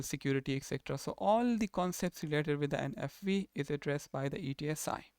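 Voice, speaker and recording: Man lecturing with a crisp, dry voice. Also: fairly high pitch, dry recording. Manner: explanatory, restates terms and rephrases often. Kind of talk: recorded university lecture.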